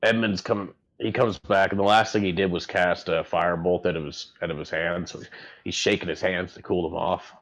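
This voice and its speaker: A man running a tabletop game as game master, narrating in a relaxed, chatty way. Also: low-pitched, moderate pace.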